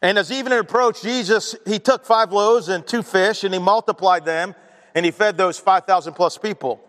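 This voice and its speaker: A man's voice: high voice, moderate pace, a bit bright, in a large hall. A man preaching a sermon to his congregation, mixing scripture reading with chatty asides, then leading a prayer. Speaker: pastor. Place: church sanctuary.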